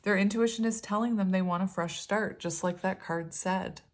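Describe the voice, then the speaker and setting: A woman with a medium-pitched, fairly level voice gives her viewers a casual tarot reading at a moderate pace. She rambles loosely, says "um" a lot, keeps correcting herself, and often dissolves into giggles.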